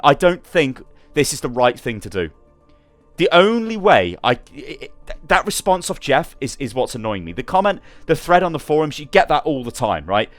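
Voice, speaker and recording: A man's voice: mid-range voice, no echo. A young man with a sarcastic, exasperated manner, ranting through gaming commentary and swearing freely.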